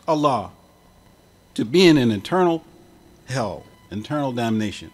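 A man's voice: fairly high pitch, animated, moderate pace, darkish tone. A man preaching a sermon as imam, with an impassioned cadence that swells and drops. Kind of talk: Friday sermon.

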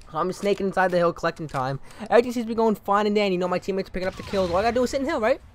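A young man giving casual, sarcastic commentary over his own gameplay, swearing freely and breaking into animated outbursts. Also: high-pitched, slight background noise. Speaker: gaming commentator.

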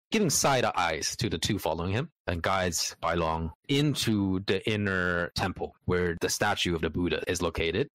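A man narrating his character's actions in an improvised tabletop role-play, measured and unhurried. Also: sits low, fairly bright tone, no echo.

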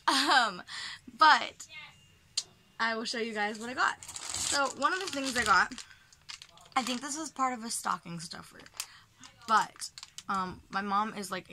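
A young woman chatting casually in a home haul vlog, full of ums and soft asides, sometimes dropping almost to a whisper. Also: mid-range voice. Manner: chatty, filler-heavy, drops to soft near-whisper when touched. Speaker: vlogger. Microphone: camera mic, handheld.

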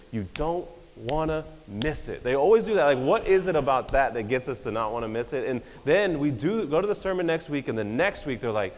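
A young man, giving an energetic, joking conference talk that pokes fun at pastors. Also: medium pitch. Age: young adult. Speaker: speaker. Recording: hall reverb.

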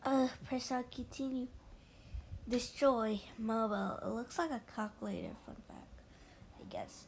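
Brief: female ASMR host, soft game playthrough, unhurried delivery, slightly high voice, hushed at times. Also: creaky, a little hiss or hum. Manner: soft-spoken, reads game chat aloud, with slips and drifts into whispers.

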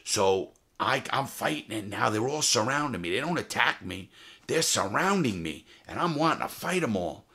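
A former jewel thief telling his prison stories in a casual, profane, animated way, full of restarts. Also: medium pitch, normal speed, slightly rough. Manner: profane, animated, heated retelling with many restarts. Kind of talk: casual storytelling to camera.

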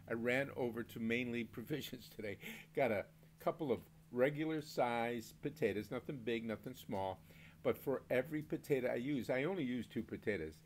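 A man's voice: mid-range voice, a little hiss or hum. An older man from Maine hosting a home beer review, rambling through stories with mild swearing and frequent laughs. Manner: rambling storyteller, swears mildly, laughs often. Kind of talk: casual rambling monologue.

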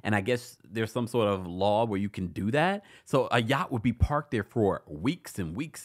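Animated man hosting a casual recap. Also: lowish voice, moderate pace, few pauses. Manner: animated, laughs often, chatty asides. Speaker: recap show host reading live chat. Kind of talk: casual live-stream commentary.

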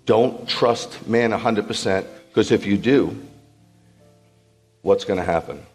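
Slow-paced and on the low side, a male rabbi's voice trails a long reverb, with soft background music. He gives a sermon to a congregation in a large hall in an animated teaching style, regularly asking the room whether they follow.

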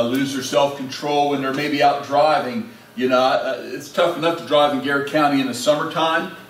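A man's voice: on the high side, a bit bright. A male pastor preaching a sermon and leading prayer in a folksy, conversational way with many restarts. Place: church sanctuary. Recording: echoey church, distant, faint hiss.

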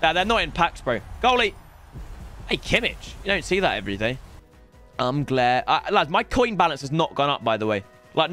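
Excitable young man, high lively voice. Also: fairly quick, faint music behind. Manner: excitable, bursts into shouted celebrations. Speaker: streamer. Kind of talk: live-stream pack-opening commentary.

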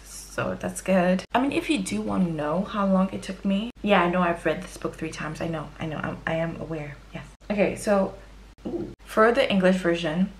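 Young woman, casual book vlog, chatty and expressive, slightly low voice, big reactions. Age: young adult. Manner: chatty and expressive, quick exaggerated exclamations. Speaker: book vlogger. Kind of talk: casual book review monologue.

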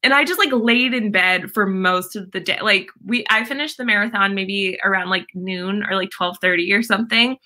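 Bright-voiced giggly young woman streamer. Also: medium pitch, normal speed, few pauses. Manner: chatty, giggly, lots of "like" and "um" fillers. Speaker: live-stream host. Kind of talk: casual live-stream chat reading viewer comments.

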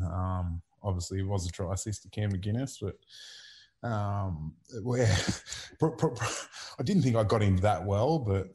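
A man's voice: fairly low pitch, darkish tone, slightly rough. A man in his thirties with an Australian accent, a former rugby league player chatting laid-back on a podcast, full of fillers and casual swearing. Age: 30s. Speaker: retired rugby league player, interview guest.

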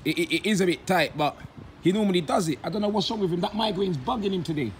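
A young man with a hoarse voice, a bin loader giving loud, exasperated running commentary on his driver, swearing and using slang. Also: high-pitched, expressive, quick pace. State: voice going hoarse. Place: outdoors on a city street beside a bin lorry. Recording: street noise and traffic behind.

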